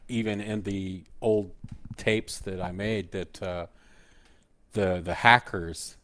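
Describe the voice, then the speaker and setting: A middle-aged man as guest co-host, reminiscing in a halting way full of "uh" and restarts. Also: sits low, fairly even intonation, fairly bright tone. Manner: halting, many fillers, reminiscing. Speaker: guest co-host, the host's father. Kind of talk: casual podcast chat.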